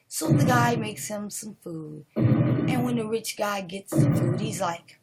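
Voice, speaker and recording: A woman tells a horror story to her live stream at a slow, unhurried pace. She rambles and restarts, dropping to whispers for suspense. A noisy home stream recording with steady background hiss. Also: medium pitch.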